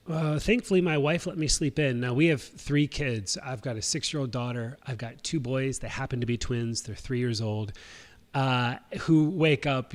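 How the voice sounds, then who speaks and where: A man in his thirties hosting a livestream, telling a personal story in a rambling, casual way with many fillers and restarts. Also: on the high side. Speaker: host.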